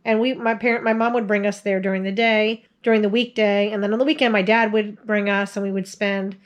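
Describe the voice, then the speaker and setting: The audio is dull as a forties-aged woman briskly tells family stories to the camera, her medium-pitched voice level in tone. She chats casually and laughs a lot.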